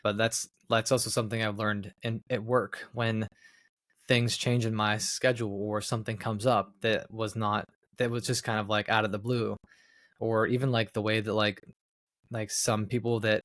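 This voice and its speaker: A man co-hosting a podcast, talking casually and reflectively, often pausing on fillers as he searches for words. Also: fairly low pitch, a bit bright, no room sound, studio quality. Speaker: podcast co-host. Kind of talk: casual chat.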